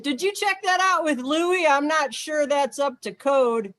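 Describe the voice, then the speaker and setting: A woman's voice: high voice, unhurried, a bit bright, no room sound. A woman improvising an eager, earnest new lawn worker. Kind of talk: improv comedy scene.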